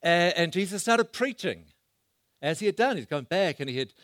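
A man preaching a sermon, swinging between loud bursts and hushed asides as he asks the congregation questions. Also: high voice, animated, normal speed, dry recording, studio quality.

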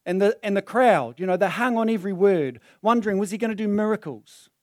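A man's voice: high-pitched, fairly quick, clean studio sound. A man, preaching a sermon and telling the story vividly, speaking into a microphone in a church hall. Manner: animated, dramatizing the story with voices. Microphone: handheld or stand mic.

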